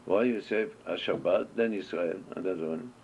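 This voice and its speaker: A man's voice: low-pitched, moderate pace, gravelly, darkish tone. A man with teaching a Torah class, asking questions and answering them as he tells stories. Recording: dull lo-fi recording with faint noise.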